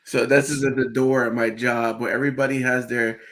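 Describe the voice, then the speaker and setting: A man co-hosting a podcast, telling stories in an earnest, excited way with laughs. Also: mid-range voice, a little fast. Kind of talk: casual chat.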